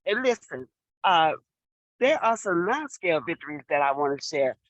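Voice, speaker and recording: A woman's voice: low-pitched, big pitch swings, normal speed, dry recording, muffled recording. A middle-aged woman on a video call giving an exuberant testimonial, repeating phrases for emphasis like a preacher. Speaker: client sharing her story.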